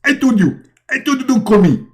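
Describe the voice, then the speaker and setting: A man voicing a panicky, groveling grown man who pleads in a high, frantic voice. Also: very animated, a little fast. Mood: irritated. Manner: pleading, shrill, overexcited.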